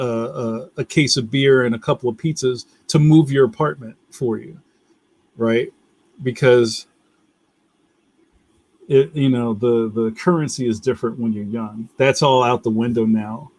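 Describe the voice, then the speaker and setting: A man's voice: medium pitch, a little mellow. A young man with a Philadelphia accent hosting a casual livestream, rambling loosely, laughing often and reading out viewer comments. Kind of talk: casual chat.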